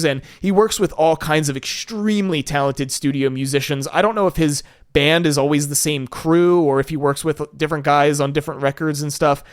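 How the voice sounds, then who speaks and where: A man's voice: fairly high pitch, smooth, no room sound, studio quality. A man hosting a solo podcast in a casual, enthusiastic, laid-back way, with some casual swearing. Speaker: podcast host.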